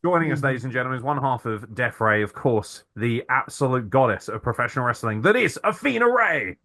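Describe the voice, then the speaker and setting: A man's voice: mid-range voice, expressive, brisk, sharp tone. A man hosting a crude comedy podcast, introducing guests in a mock-grandiose announcer manner full of profanity. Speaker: podcast host.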